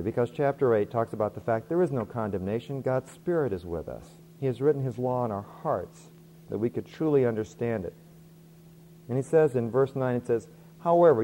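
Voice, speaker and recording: A middle-aged man preaching with a mellow, relaxed tone. He is earnest and often doubles a word before going on. A faint hum sits under his voice. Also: mid-range voice. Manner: earnest, repeats words at starts of phrases. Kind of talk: sermon.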